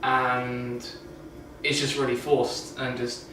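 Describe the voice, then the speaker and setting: A man chatting loosely through a film review, rambling with plenty of "like" fillers. His mid-pitched voice rings around a very echoey bathroom, picked up from a distance. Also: level tone, slow, noisy background. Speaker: vlogger. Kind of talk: casual film review chat. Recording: very echoey room from far off.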